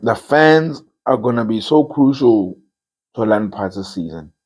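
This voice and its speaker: Emphatic husky-voiced man. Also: lowish voice, animated, moderate pace, a little mellow. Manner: emphatic, repeats phrases for effect. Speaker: football talk show host. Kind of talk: casual opinion commentary.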